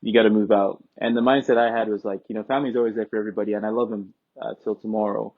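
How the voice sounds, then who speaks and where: A young man from Nigeria, telling stories as an interview guest in a relaxed, joking way. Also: fairly low pitch, very fast. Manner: relaxed, joking, breaks into quoted dialogue. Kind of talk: casual interview storytelling. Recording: tinny phone-like line.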